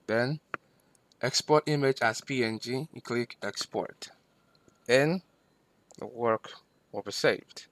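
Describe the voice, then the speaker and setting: A man teaching a screen-recorded software lesson, patient and step by step, repeating himself with fillers. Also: mid-range voice, slow, pauses often. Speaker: instructor.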